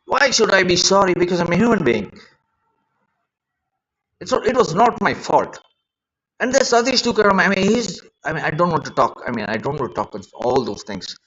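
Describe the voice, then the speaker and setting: A man's voice: a little high, very animated, normal speed, pauses often, a bit bright, breathy edge, muffled recording. A man rambling in an unscripted live-stream monologue, agitated and emotional, repeating himself as he talks into a phone.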